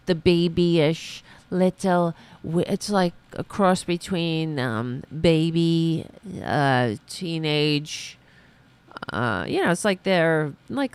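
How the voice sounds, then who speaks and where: A woman hosting a political podcast, ranting with sarcasm and outrage, dropping to mutters and rising to shouts. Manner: broad pitch swings from muttering to shouting. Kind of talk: ranting commentary.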